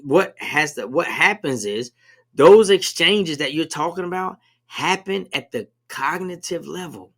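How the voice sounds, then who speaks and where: A man with a high, gravelly voice co-hosts a relaxed conversation. He speaks in a preachy, emphatic way and likes to ask leading questions. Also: measured pace. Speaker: podcast co-host. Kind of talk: casual conversation.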